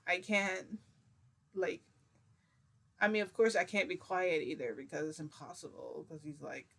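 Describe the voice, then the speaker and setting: A woman's voice: fairly low pitch, fairly even intonation, a little slow, fairly bright tone. A woman vlogger telling a story in a rambling, giggly, confessional way, with many fillers. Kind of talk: casual storytime vlog.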